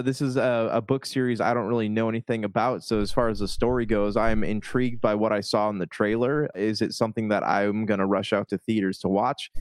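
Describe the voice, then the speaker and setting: A man co-hosting a casual movie discussion, hedging and thinking out loud as he talks. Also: fairly low pitch, dry recording.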